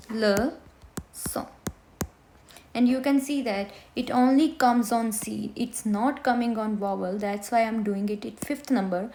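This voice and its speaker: A woman teaching a beginner French lesson, who slowly repeats each word for her students. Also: a little high, darkish tone, slight background noise. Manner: slow, repeats words for students to hear.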